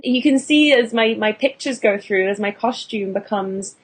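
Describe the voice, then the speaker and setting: A woman's voice: on the high side, moderate pace, few pauses. A British woman, a burlesque performer and actor, chatting in an interview with many restarts and fillers. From England. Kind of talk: casual interview chat.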